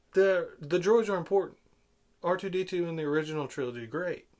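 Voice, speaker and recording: A man giving an exasperated, sarcastic film review rant, swinging between loud outbursts and low muttering. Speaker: movie reviewer.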